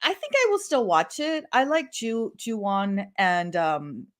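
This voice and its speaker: Relaxed woman co-host chatting casually. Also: mid-range voice, unhurried. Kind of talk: casual chat about dramas.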